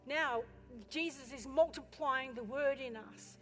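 A woman pastor preaching a sermon with passion, building to loud exhortation and turning to the congregation with chatty questions and asides. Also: high-pitched, measured pace. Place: church. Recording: echoey hall with faint music.

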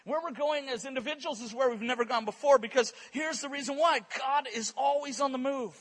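A male preacher with a very high, bright voice that has a husky edge. He tells stories at a church service in a lively way, stumbling over repeated words as he builds momentum. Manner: animated, repeats words in quick bursts. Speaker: guest preacher. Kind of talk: sermon with storytelling.

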